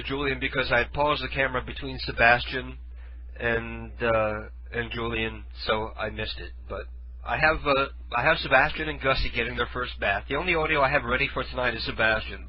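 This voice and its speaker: A man's voice: mid-range voice, fairly even intonation, fairly quick, highs cut off. A man hosting a radio show, telling a rambling story in casual chat and correcting himself as he goes. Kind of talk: casual storytelling with running commentary.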